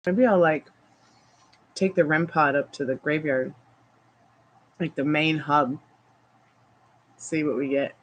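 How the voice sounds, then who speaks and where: A woman's voice: sits low, steady tone, takes it slowly, pauses often, lo-fi sound. A woman hosting a casual livestream, chatting in a rambling way full of fillers while outdoors at home. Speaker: tarot reader livestream host.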